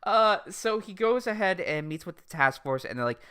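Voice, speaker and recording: A woman co-hosting a casual podcast chat, excitable and swearing freely as she thinks aloud. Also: lowish voice, moderate pace, clean tone. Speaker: podcast co-host.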